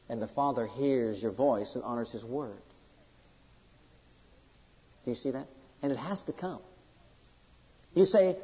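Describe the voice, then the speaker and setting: A man's voice: medium pitch, big pitch swings, moderate pace, long pauses. A man preaching a sermon, emphatic and storytelling, telling personal stories to a congregation. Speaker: pastor. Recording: echoey hall, dull lo-fi.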